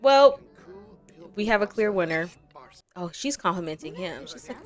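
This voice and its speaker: A young woman narrating her gameplay in a chatty, playful way, laughing often. Her voice swings widely in pitch and sits in an ordinary middle range. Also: animated, unhurried, over music. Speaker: gaming vlogger. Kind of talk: casual gameplay commentary.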